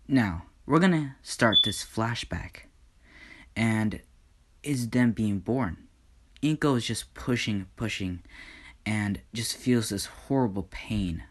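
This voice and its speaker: Slow, hushed male storyteller. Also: fairly low pitch. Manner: hesitant, dramatic, with pauses and hushed whispers. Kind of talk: improvised fan story narration.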